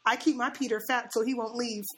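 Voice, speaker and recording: A young woman telling a story in casual chat, animated, laughing often and acting out the quotes. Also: fairly high pitch, brisk, noisy background.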